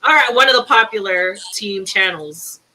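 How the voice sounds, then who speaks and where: A woman co-hosting a casual chat from her room at home over a video call, excitable and laughing often. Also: medium pitch, normal speed, slight background noise, poor audio. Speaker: co-host.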